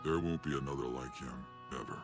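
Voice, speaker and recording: An actor voicing a gruff, aging male ninja sage in an anime dub, speaking in a deep, gravelly, teasing and reflective way. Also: steady tone, fairly quick, faint music behind. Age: older. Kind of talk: anime English dub acting.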